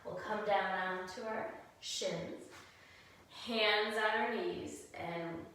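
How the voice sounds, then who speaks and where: A woman leading a kids' yoga class as a gentle story, mixing pose cues with storytelling. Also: medium pitch, fairly even intonation, takes it slowly, slight background noise. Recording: very echoey room, voice far from mic.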